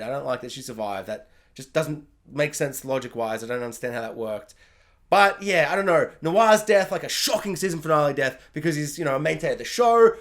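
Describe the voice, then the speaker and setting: Brief: male TV reviewer, higher voice, chatty and excitable, casual rambling delivery. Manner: chatty and excitable, heavy use of "like". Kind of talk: casual spoken TV episode review.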